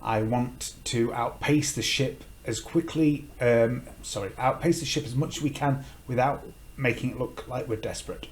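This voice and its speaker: A man playing a tabletop game who gives his orders in a measured, deliberate way. His voice sits at an ordinary pitch, with faint background noise. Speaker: player.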